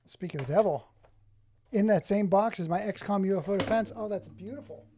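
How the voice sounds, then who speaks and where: Mellow-voiced excitable male streamer. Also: sits high, fairly quick, a little hiss or hum. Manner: excitable, exclaims often, chats with viewers by name. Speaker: streamer showing his game collection. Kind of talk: casual live-stream chat. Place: home office.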